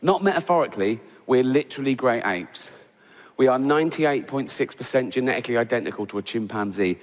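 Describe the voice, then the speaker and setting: A man's voice: lively intonation, brisk. English male comedian, conversational stand-up in a theatre, long hall reverb. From England. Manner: conversational, keeps adding "right?", bursts into high laughing voices. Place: large theatre stage. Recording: live hall with audience.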